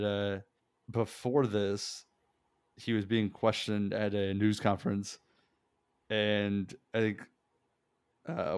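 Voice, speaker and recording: Guy with a lowish voice shooting the breeze, laughs a lot, swears, dry close sound. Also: smooth, no echo. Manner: rambling, laughs often, swears. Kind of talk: casual chat.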